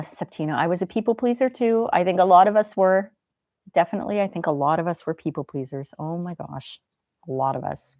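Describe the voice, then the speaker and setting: A middle-aged woman hosting a casual live stream, chatting gently and reading viewer comments aloud. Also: fairly low pitch, no echo.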